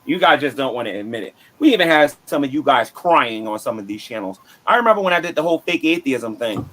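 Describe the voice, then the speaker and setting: A man's voice: mid-range voice, expressive, fast, fairly bright tone. A man ranting boastfully and taunting his critics, repeating himself. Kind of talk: boastful rant.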